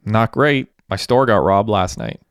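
A man's voice: on the low side, a little slow, smooth, no echo, clean studio sound. A man voicing a young male store clerk who talks bluntly and swears when exasperated. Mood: casual.

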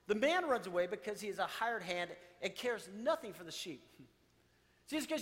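Guy preaching a sermon, really high voice, lively and loud then goes soft, big echoey church. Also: normal speed. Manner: animated preaching, quoting scripture and paraphrasing with rising intensity. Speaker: pastor.

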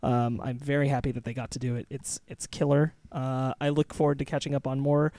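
A man's voice: mid-range voice, little pitch movement, brisk, warm tone, no echo. A man co-hosting a casual podcast chat, enthusiastic, laughing often and restarting his sentences. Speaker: podcast co-host.

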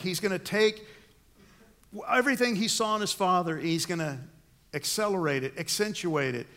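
A man's voice: high-pitched, fairly bright tone. A middle-aged man preaching a sermon as a pastor, telling stories and acting out the lines of the people in them. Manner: storytelling with acted-out quotes.

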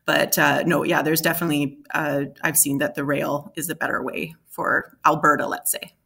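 A woman's voice: low voice, little pitch movement, moderate pace, gravelly, bright, forceful tone, slightly rough. A woman, a guest expert, explaining building emissions in a conversational interview with many fillers and restarts.

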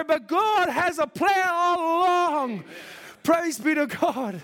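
High-voiced fervent man preaching in a hall. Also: expressive, slow, a bit bright. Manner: fervent, preachy, quoting scripture in old-style English. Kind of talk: sermon.

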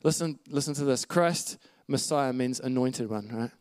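A man's voice: mid-range voice, normal speed, darkish tone, no room sound. A man preaching a sermon, teaching earnestly from scripture with asides to the congregation. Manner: earnest teaching with scripture references, occasional light laughs.

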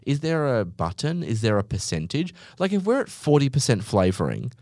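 A man's voice: medium pitch, huge pitch swings, moderate pace, a little mellow, no room sound, clean studio sound. A young man hosting a podcast, ranting comically with sarcasm, exaggeration and swearing. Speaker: podcast host. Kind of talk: comedic monologue rant.

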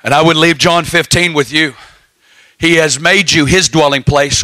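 A man preaching a sermon, telling stories in a folksy way with lively asides. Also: a little high, moderate pace, dry recording, rough recording.

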